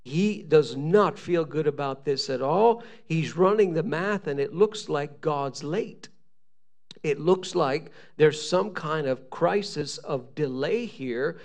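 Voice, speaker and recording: High gravelly preaching man. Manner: animated, reads scripture aloud with rising emphasis. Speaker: pastor. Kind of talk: sermon.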